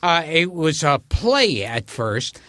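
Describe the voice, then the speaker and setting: A man's voice: on the high side, sing-song, takes it slowly, a bit bright, dry recording. A male comedian hosting a podcast, chatting casually and rambling through anecdotes. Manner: rambling, anecdotal, with frequent laughs. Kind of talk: casual chat.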